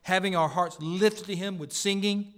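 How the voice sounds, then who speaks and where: Male pastor, a bit high-pitched, emphatic sermon delivery moving between forceful peaks and quiet pleading. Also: steady tone, moderate pace. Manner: emphatic preaching, swinging between loud declarations and hushed pleas. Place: church service.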